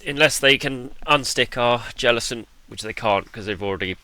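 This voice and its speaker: A man's voice: medium pitch, moderate pace, bright, forceful tone, no echo. A man giving laid-back, self-deprecating commentary over his own card game match, with the odd bit of mild swearing. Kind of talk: casual gameplay commentary.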